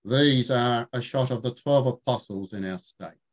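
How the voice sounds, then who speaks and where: Older Australian lay preacher, gentle and formal, mid-pitched, delivering an online vesper sermon. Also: male voice, moderate pace, low-quality recording.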